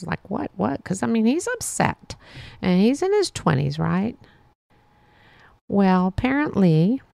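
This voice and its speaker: A woman hosts her podcast and tells a story slowly and unhurriedly, drifting from point to point with fillers and restarts. Her voice is a little low and has a gravelly edge. The recording is close and dry, with no room sound. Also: no room sound. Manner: meandering, with many fillers and restarts. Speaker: podcast host. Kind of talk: casual storytelling monologue.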